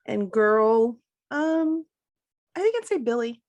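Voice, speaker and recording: A woman's voice: fairly high pitch, sing-song, takes it slowly, darkish tone, lo-fi sound. A woman with children co-hosting a podcast, chatting casually about TV characters and agreeing often. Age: adult with children. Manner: agreeable, backchannels a lot. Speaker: podcast co-host.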